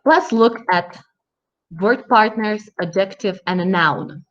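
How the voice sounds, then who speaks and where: Slow-speaking woman teaching English. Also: medium pitch, lo-fi sound. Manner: slow, explains step by step. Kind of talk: online language lesson.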